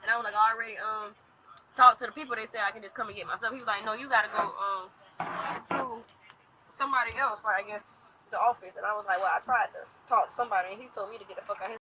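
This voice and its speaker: A woman rapidly retelling events to a police officer, animated, acting out what others said. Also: mid-range voice, noisy background. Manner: rapid, animated storytelling with quoted dialogue. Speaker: complainant talking to police. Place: outdoors at an impound lot. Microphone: police bodycam.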